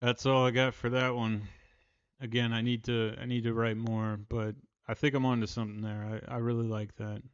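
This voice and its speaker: A man's voice: mid-range voice, little pitch movement, moderate pace, clear, resonant tone, no room sound, dull audio. A man from Maryland hosting a casual livestream, rambling, self-deprecating and restarting his sentences. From Maryland, USA. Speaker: livestream host and songwriter.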